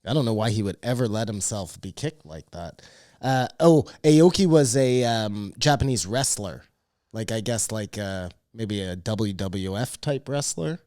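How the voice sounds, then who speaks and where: A man's voice: fairly low pitch, lively intonation, measured pace, warm tone, no room sound, clean studio sound. A man co-hosting a podcast, chatting in a laid-back, hesitant way with many fillers. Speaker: podcast co-host. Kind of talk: casual chat.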